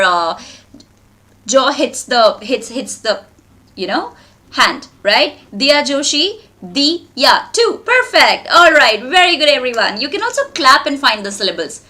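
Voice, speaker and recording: Cheerful high-voiced Indian woman teaching. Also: sharp tone. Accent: Indian English. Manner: cheerful, encouraging, praises students often. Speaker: online English teacher. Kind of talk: live online class for children.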